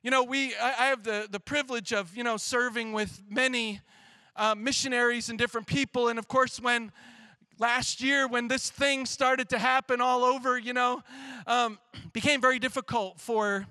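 Man, pastor, church sermon, animated, sometimes shouting, dry close sound, forceful tone. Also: very high voice, moderate pace, no room sound.

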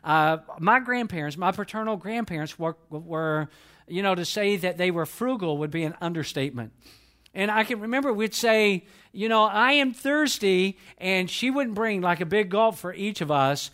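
A middle-aged man from Georgia, preaching a sermon in an earnest storytelling way and slowing down when he quotes scripture. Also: sits high, animated, fairly bright tone. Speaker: pastor.

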